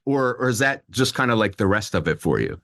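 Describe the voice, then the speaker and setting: Chatty low-voiced male podcast host. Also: animated, fairly quick, fairly bright tone, dry recording. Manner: chatty, laughs often, restarts sentences. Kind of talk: casual interview.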